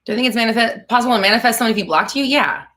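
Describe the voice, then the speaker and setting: A woman's voice: a little high, racing, a bit bright. A woman coaching on a live stream, chatty and blunt, swearing freely and laughing between comments. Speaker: manifestation coach hosting a live Q&A. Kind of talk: casual live-stream chat.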